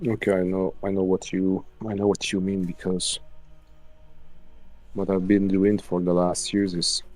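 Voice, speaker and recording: A man with a French accent talks in a casual chat, his voice sitting fairly low. He stops and restarts often, hunting for the right English word. Soft music plays faintly behind him. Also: monotone, no echo. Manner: halting, searching for English words, many restarts. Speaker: guest.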